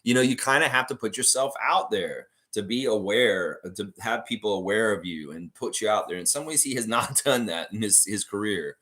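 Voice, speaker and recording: Rambling low-voiced Canadian man. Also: moderate pace, hardly any pauses, a bit bright. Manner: rambling, many fillers and self-corrections. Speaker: podcast host. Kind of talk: casual live-stream chat, reading viewer comments.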